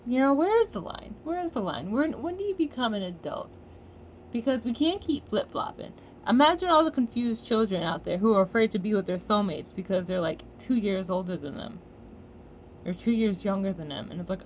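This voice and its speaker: A woman's voice: medium pitch, animated, brisk, slight background noise. Fired-up American woman ranting. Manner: heated, profane, loud outbursts. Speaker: vlogger. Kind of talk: angry commentary rant.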